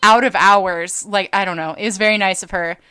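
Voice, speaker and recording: Young woman, podcast co-host, bright clear voice, animated storyteller, acts out voices. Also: medium pitch, fairly quick. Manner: animated, acts out quoted people, laughs often, swears casually. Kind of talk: casual storytelling chat.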